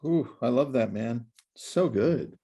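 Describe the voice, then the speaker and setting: A man's voice: medium pitch, animated, slow, mellow, husky. A man hosting a casual podcast chat, enthusiastic and casual, calling his guest "dude.". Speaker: host.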